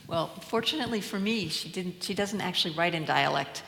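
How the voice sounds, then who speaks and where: A woman's voice: lowish voice, animated, a little fast, creaky, fairly bright tone, slight background noise. An older woman answering questions on stage as a translator guest, hesitant, with many fillers and restarts. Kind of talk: onstage Q&A conversation. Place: lecture hall at a public event. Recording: echoey hall with faint ambience.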